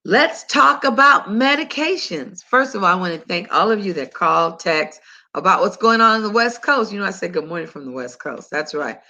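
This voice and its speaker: An older woman hosting a health talk, telling a story in a chatty, animated, conversational way. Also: mid-range voice, normal speed. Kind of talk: casual monologue to listeners.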